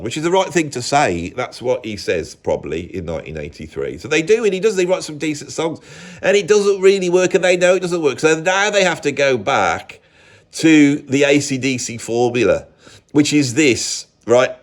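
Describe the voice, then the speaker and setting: A slightly high-voiced English music commentator talks at a moderate pace with big pitch swings. His casual monologue rambles, voices strong opinions, and frequently breaks off mid-thought.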